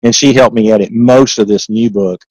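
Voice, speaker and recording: A man's voice: on the low side, fairly even intonation, moderate pace, a little mellow, no echo, rough recording. A man with a Southern accent, talking as an interview guest in a folksy, rambling way, full of restarts, and turning emphatic when he makes a point. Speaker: interview guest, author and accountant. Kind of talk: casual interview talk.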